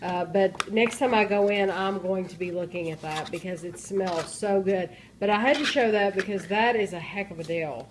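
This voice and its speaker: A middle-aged woman chatting casually in a home vlog, pausing often with ums as she shows things. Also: medium pitch. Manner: chatty, hesitant with many ums. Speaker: vlogger. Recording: faint background noise.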